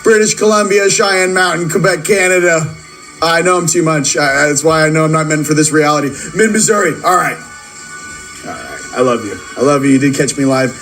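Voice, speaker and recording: An excitable man with a fairly high voice hosts a live stream, rattling off viewers' locations between stretches of spiritual talk. He laughs often and keeps up a hyped, rapid-fire delivery. Soft music plays faintly underneath. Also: low-quality recording. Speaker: livestream host.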